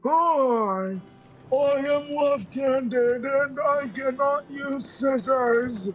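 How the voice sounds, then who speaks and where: A man's voice: extremely high pitch, extremely slow, fairly bright tone, highs cut off, soft background music. A man joining a game stream, chatting casually and teasing with jokes. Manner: teasing, jokey. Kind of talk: casual joking chat.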